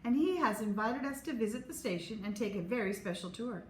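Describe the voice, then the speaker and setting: A woman reads as a patient schoolteacher, calm but firm, with a fairly high voice. The room is echoey with a faint hum. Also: fairly quick, lightly acted. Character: patient first-grade woman teacher.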